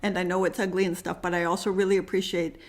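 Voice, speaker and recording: A woman's voice: on the low side, little pitch movement, fast talker. A middle-aged woman from Canada co-hosting a podcast, talking emphatically with many restarts. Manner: emphatic, repeats words, restarts often. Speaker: podcast co-host. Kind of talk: casual chat.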